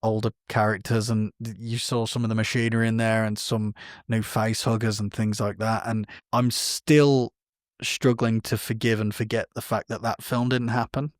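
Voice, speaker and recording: A man's voice: fairly low pitch, little pitch movement, normal speed, no room sound, clean studio sound. A man, co-hosting a podcast and chatting casually about film news in a rambling, self-correcting way. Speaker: podcast co-host.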